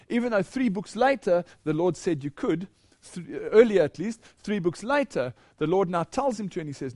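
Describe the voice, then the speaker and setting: A man's voice: high-pitched, lively intonation, normal speed, darkish tone, dry recording, studio quality. A man giving a Bible teaching lecture, leading listeners through verses and asking questions before he answers them.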